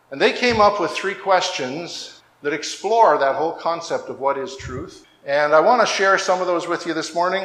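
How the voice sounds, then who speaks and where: A male Lutheran pastor delivering a conversational sermon, pausing to correct himself and making casual asides to the congregation. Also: a little high, fairly bright tone, echoey room, low-quality recording.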